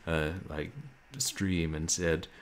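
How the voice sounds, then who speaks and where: A man streaming a game and chatting with viewers in a laid-back, wry way, with a soft, somnolent voice and frequent chuckles. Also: very deep voice, flat delivery, slow, clear, resonant tone. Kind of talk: casual chat with stream viewers. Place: home room, roommates nearby.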